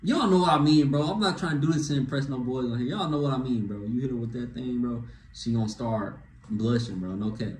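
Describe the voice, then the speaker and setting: A young man ranting to camera with dating advice, animated and slangy, tossing in "bro" after nearly every phrase. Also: medium pitch, fairly quick, a little hiss or hum. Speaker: vlogger giving dating advice. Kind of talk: casual rant to camera. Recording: echoey room with faint ambience.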